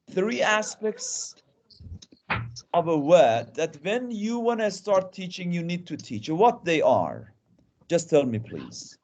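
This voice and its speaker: Male guest lecturer, fairly high voice, interactive, repeats himself, on a video call. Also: a little mellow. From Iran. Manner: interactive, often restarts and repeats words. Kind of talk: online webinar lecture.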